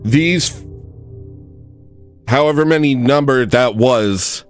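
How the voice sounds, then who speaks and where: A young man hosting a comedic livestream, rambling and self-mocking, dropping to low mutters and jumping up to loud yells. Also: moderate pace, soft background music. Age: young adult. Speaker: livestream host.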